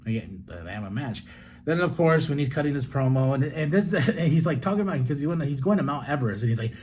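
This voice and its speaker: A man hosting a solo podcast, recapping a wrestling show in a loose, excitable way with swearing, asides and laughs. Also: medium pitch, quick pace, slight background noise. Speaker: podcast host.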